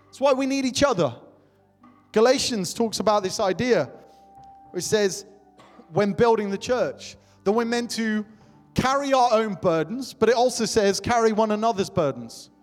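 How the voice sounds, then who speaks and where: A man's voice: high voice, lively intonation, normal speed. A young adult man preaching a sermon to his church, passionate and repetitive, calling out to the congregation. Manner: impassioned, repetitive calls to the congregation. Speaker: pastor. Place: church hall. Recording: long hall reverb with faint music.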